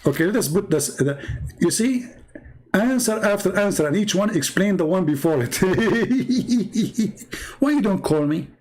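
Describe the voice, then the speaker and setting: A man's voice: sits high, expressive, unhurried, a little mellow. A man hosting a live-streamed religious debate, mocking and sarcastic, who laughs at his opponent and hammers his points through repetition. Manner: emphatic, repeats points. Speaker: livestream host debating a caller.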